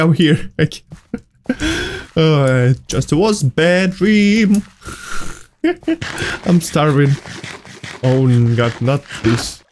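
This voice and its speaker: High-pitched guy, slow and jumpy, freaking out at a horror game. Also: a little hiss or hum. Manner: excitable, yelps and laughs, non-native phrasing. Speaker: gaming YouTuber. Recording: faint music behind.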